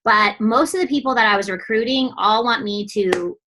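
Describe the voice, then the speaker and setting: A young woman coach giving a blunt, lively motivational talk to her team, swearing often and mimicking others in quick asides. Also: on the high side, background noise.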